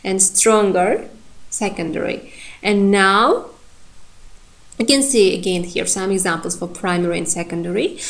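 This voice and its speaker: A woman with an Uzbek accent teaching a phonetics lesson, slowly repeating example words and pausing on fillers. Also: mid-range voice. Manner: slow, repeats model words with hesitant fillers. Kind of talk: phonetics lecture.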